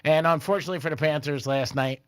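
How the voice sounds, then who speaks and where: A man's voice: a little high, fast talker, smooth, no echo. A man hosting a sports radio show in casual, joking banter, laughing often on a studio microphone. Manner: joking, laughs often, talks about betting. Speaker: radio sports talk host.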